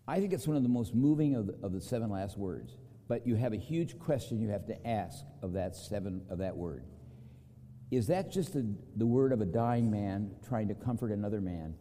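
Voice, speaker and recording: Preacher man in a reverberant hall. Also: moderate pace. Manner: storytelling with acted quotes, lively pitch swings. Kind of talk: sermon.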